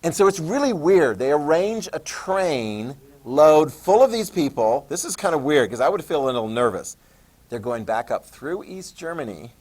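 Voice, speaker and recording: Male history teacher, animated classroom storyteller, mid pitch, repeats key terms. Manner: animated storytelling, acts out leaders in quick voices. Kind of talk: classroom lecture.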